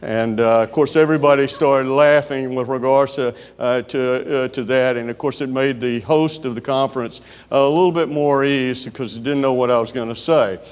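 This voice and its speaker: A man's voice: mid-range voice, fairly even intonation, clean tone. Folksy Southern man in a big hall. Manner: folksy storytelling with frequent filler pauses. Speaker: keynote speaker. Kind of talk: conference keynote speech. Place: large conference hall. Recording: long hall reverb.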